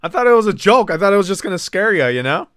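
A man streaming a horror game with jokey commentary, loud reactions and swearing. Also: sits high, big pitch swings, quick pace, no echo, clean studio sound. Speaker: gaming streamer. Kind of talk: casual let's-play commentary.

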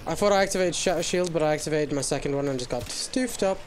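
A man's voice: a little high, quick pace, noisy background. Jokey young man gaming. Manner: jokey, excitable, often slips into silly voices. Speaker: gamer host. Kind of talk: casual gaming chat.

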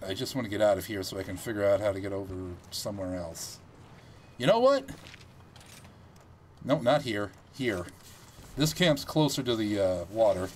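A man giving casual gameplay commentary, chatty and thinking aloud as he plays, with animated reactions. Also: lowish voice, moderate pace, pauses often, a little hiss or hum.

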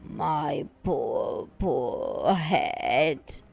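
A greedy big bad wolf from a storybook, gruff and slow with a growl, put on by a woman reading aloud. The voice sits lower and booms louder than her narration, with a gravelly, husky edge. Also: expressive, faint music behind, exaggerated voice. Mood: groaning.

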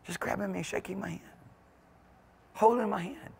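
A male pastor preaching a sermon in a church, swinging from quiet asides to whoops and shouts. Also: high voice, normal speed, vocal fry, breathy edge. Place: church sanctuary. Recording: long hall reverb in a church.

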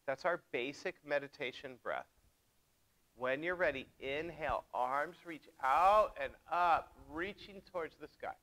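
A male yoga teacher guides his class through breathing and poses with gentle, step-by-step cues. He talks very slowly, with a voice that sits a little high for a man, and keeps things playful for his young students. The sound is dry and close. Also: dry recording, low-quality recording.

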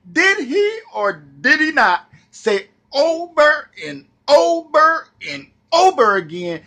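A male comedian in a mocking comedic rant, talking straight to his viewers. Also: very high voice. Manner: animated, mocking, addresses viewers directly.

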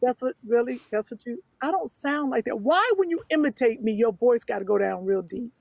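A woman co-hosting a comedy podcast, protesting in a mock-prim, deliberate way. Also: on the high side, lively intonation, gravelly, darkish tone, no room sound. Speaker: podcast co-host. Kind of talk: comedic banter.

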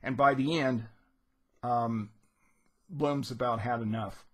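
Man, husky, casual lesson, conversational teacher, mid-range pitch. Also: fairly even intonation, slow pace, fairly bright tone. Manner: conversational, retelling scenes with rising emphasis. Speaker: literature teacher.

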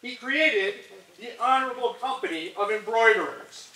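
Man, declamatory ceremonial orator, high pitch, roomy recording. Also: moderate pace, pushed and bright. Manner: declamatory, listing honors. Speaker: historian speaking at a ceremony. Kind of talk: formal ceremonial oration. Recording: echoey and distant.

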